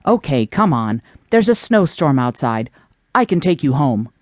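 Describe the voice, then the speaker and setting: A woman's voice: rumbling low, big pitch swings, unhurried, a little mellow, no echo, clean studio sound, exaggerated voice. A woman voicing an earnest, placating adult man in an audiobook. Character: smooth-talking adult man, evasive boyfriend.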